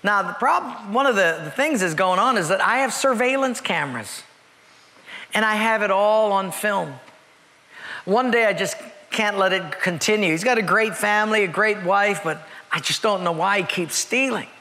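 Brief: male pastor, earnest storytelling sermon, forceful bright voice, long church reverb. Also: sits high, animated, moderate pace. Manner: earnest, emphatic, repeats key words.

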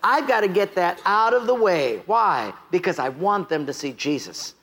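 High-pitched american preacher guy, lively, jokes around, keeps asking the church stuff. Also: moderate pace. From United States. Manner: animated, asks the crowd questions, jokes and laughs. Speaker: pastor. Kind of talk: sermon.

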